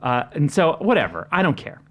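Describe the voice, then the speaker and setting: A man hosting a casual panel chat, with a Southern US accent softened by years in Minnesota, rambling and self-deprecating with frequent restarts. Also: fairly high pitch, big pitch swings, brisk. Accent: Southern US mixed with Minnesotan. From Texas, later Minnesota. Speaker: podcast host.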